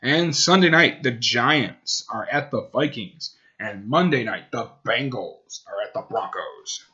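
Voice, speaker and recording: A podcast host chats about sports in a relaxed, rambling way, correcting himself as he goes and talking to his dog. His mid-range voice is expressive, a little slow, bright and forceful, and the recording is muffled.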